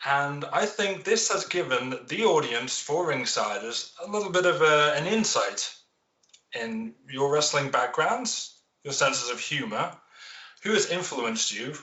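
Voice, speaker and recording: A man's voice: fairly high pitch, animated, a little slow, bright, forceful tone. A man hosting a casual podcast interview in an upbeat, laughing manner. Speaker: podcast host. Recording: roomy, dull lo-fi audio.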